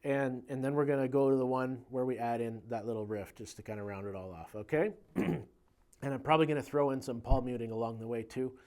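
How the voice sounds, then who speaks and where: A man giving a casual guitar lesson in a relaxed, conversational way, counting beats aloud as he explains. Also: medium pitch, fairly quick. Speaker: guitar teacher. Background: guitar playing.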